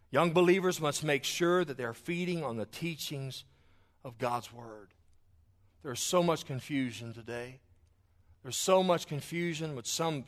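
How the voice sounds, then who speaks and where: A man delivers a sermon to his congregation. His voice sits a little high, and he swings between loud, emphatic declarations and quiet, almost whispered asides, folding in homey stories as he preaches. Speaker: pastor. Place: church sanctuary, also streamed online.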